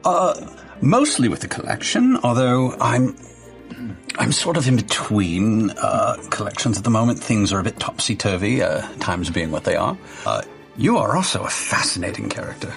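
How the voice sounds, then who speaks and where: A man's voice: fairly low pitch, very animated, normal speed, vocal fry, soft background music. A man playing a tabletop game in character, genteel, flirtatious and hesitant. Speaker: tabletop player. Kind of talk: in-character play.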